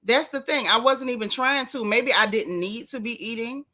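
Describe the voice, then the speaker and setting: Woman, live stream host, bright forceful voice, chatty, greets viewers by name, slangy. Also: fairly high pitch, moderate pace. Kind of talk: casual live chat.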